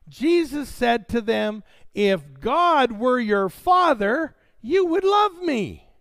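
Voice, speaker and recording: Gravelly, animated male preacher. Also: sits high, dry recording. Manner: expressive preaching with dramatic scripture reading. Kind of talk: sermon.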